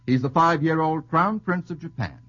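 A man's voice: fairly high pitch, fairly bright tone. A man hosting a radio quiz show, trading quips and laughing at his own puns. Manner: jokey, quick asides, laughs at own puns. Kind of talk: witty quiz-show banter. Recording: dull old radio broadcast with faint hiss.

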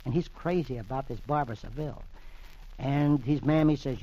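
A man's voice: medium pitch, normal speed, warm tone, dry recording. A man hosting a 1940s-style radio reading of the comics, folksy and chatty, on a lo-fi old radio recording. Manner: folksy, chatty, acts out voices.

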